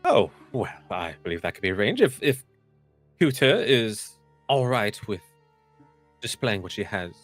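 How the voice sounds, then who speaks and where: A man's voice: lowish voice, big pitch swings, unhurried, pauses often, faint music behind. A man playing a tabletop game, speaking in character with formal, courteous phrasing and small stammers. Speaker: player. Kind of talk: in-character role-play.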